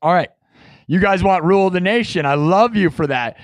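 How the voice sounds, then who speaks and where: Excitable high-voiced male streamer. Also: fairly quick, slight background noise. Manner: excitable, bursts into shouts, heavy use of "like". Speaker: live stream host and musician. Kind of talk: rambling live-stream chat.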